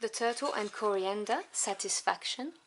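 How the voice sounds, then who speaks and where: A woman whose first language is French, reviewing tarot cards one by one. She lists each card softly and without hurry, adding fond little asides. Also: medium pitch, slight background noise. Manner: soft, unhurried listing with fond asides.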